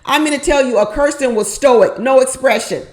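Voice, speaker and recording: A woman's voice: high-pitched, normal speed. A woman giving casual, opinionated commentary on a reality show, repeating her points for emphasis and asking the viewer rhetorical questions.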